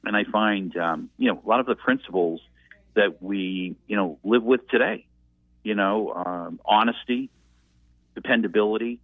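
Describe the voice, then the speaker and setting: A man's voice: on the low side, normal speed, dry recording. A man, calling in and reminiscing in a rambling, reflective way. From Massachusetts. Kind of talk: casual reminiscing. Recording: tinny dry phone line.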